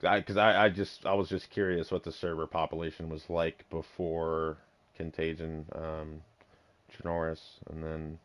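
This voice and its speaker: A man's voice: rumbling low, flat delivery, moderate pace. A man hosting a podcast in casual chat, asking questions hesitantly with many ums and restarts.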